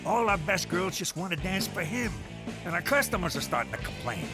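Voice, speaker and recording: A man voicing a dim-witted mob sidekick with a gravelly New York accent in an adult cartoon. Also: high-pitched, sing-song, a little fast, music in the background. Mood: deadpan. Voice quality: gravelly, dopey.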